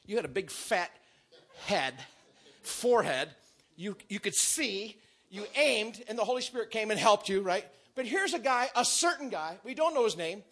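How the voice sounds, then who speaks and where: Animated, high-voiced man preaching a story. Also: normal speed. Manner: acts out characters with shouts and whispers.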